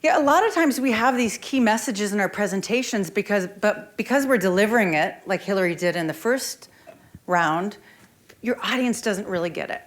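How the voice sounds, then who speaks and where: A woman presentation coach leading a conference workshop, lively and speaking straight to the audience. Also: mid-range voice, moderate pace. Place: conference room.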